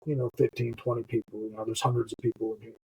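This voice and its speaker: A man's voice: medium pitch, flat delivery, quick pace, creaky, dark tone, breathy edge, rough recording. A middle-aged man with a Southern US accent, a podcast guest talking casually, swearing freely and laughing often. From US Gulf Coast. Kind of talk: casual conversation.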